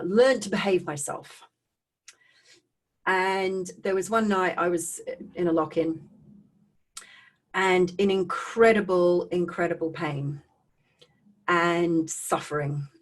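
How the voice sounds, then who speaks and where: Earnest, halting woman telling her own story. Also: fairly low pitch. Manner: halting and earnest, often repeats and restarts words. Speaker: speaker sharing her personal story. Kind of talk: emotional personal testimony talk.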